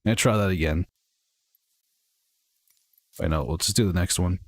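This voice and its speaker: Studio-quality audio with no echo captures a young man's low voice at normal speed. He's livestreaming a flight game, chatting loosely and rambling to his viewers.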